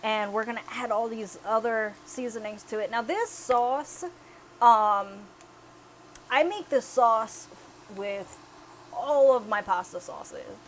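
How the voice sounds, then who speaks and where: A woman's voice: on the high side, slow pace, a little hiss or hum, poor audio. A young woman cooking in her home kitchen, chatting casually and explaining each step as she goes. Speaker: home cook.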